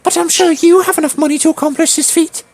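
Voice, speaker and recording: A spoiled, haughty mermaid princess, put on by a man in a squeaky raised voice, prim and high-flown as she brushes off her troubles. Light game music sits behind her. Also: steady tone, fast talker, no echo.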